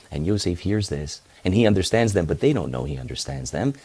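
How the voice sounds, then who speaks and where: A man's voice: a bass voice, expressive, fairly quick, hardly any pauses, darkish tone, breathy edge. A man, a rabbi and head of a school, retelling a scripture story in a casual, slangy way with acted-out quotes.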